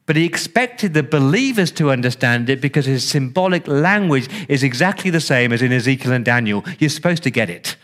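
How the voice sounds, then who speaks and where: Man preaching conversationally. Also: a bit bright. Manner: conversational preaching with repeated words and restarts; acts out listener reactions with big pitch swings. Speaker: pastor. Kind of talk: sermon.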